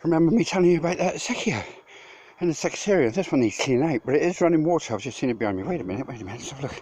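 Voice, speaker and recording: A man's voice: a little high, lively intonation, racing, a little mellow, no room sound, poor audio. A man vlogging at a building site, out of breath, rambling and swearing as he rants about a rival. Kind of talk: casual walk-and-talk vlog. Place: outdoors at a building site in hot weather. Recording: clear background noise with clicks.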